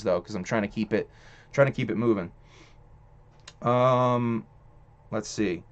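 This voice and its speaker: Young male streamer host, casual and profane, rambling delivery, mid pitch, muffled lo-fi stream sound. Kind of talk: casual live-stream chat. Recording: dull lo-fi stream audio.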